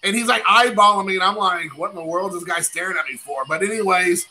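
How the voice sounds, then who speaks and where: A middle-aged man from the United States hosting a card-opening livestream, chatting in a rambling, excitable way and calling out to viewers. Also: high voice, quick pace, faint music behind, low-quality recording. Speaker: card-breaking livestream host. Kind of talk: casual livestream chat while opening cards.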